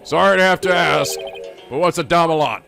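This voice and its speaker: Man doing a formal old judge, gravelly and bright. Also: fairly high pitch, a little fast, soft background music. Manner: formal, wry courtroom speech. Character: old bearded male judge, dry and formal.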